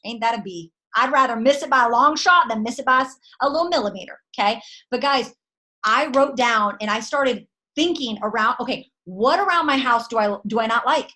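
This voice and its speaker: High-voiced, fired-up woman giving a pep talk. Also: brisk, sharp tone. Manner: emphatic, slangy, punchy rhetorical questions. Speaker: motivational speaker to a sales team. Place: at home at night.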